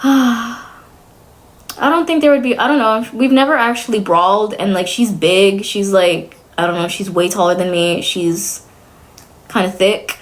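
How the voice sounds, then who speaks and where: A woman's voice: mid-range voice, measured pace. A young adult woman streamer chatting casually to her viewers, blunt and sarcastic, swearing freely.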